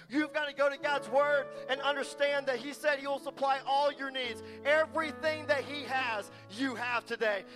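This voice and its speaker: A man preaching with a very high voice, emphatic and passionate, driving points home by repeating them. Faint music plays softly under his sermon. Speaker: guest preacher.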